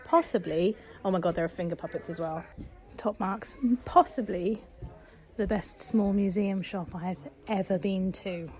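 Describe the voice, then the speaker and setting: A woman's voice: mid-range voice, unhurried, darkish tone. A woman vlogging in a museum gift shop, chatty and enthusiastic with laughing asides. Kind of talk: casual vlog chat.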